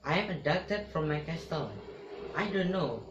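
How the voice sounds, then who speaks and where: A young man with an Indonesian accent voicing a gentle, bewildered young princess in halting, simple phrases, in a dull, roomy recording. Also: fairly high pitch, animated, noisy background, pitched above the performer's own voice. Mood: pleading.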